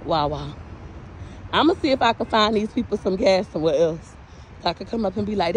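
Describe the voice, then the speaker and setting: A woman's voice: mid-range voice, expressive, brisk. A woman from Tampa, talking casually into her phone as she walks along a long gas station line. She greets people in passing, sounds a little out of breath, and faint street traffic hums behind her. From Tampa, Florida. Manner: chatty, greets passersby, laughs often. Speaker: vlogger. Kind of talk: casual walking vlog reporting.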